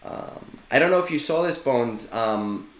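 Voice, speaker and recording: A man's voice: mid-range voice, lively intonation, a little slow, reverberant. A man streaming a game and chatting casually with viewers, loose in manner and swearing freely. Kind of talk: casual live-stream chat.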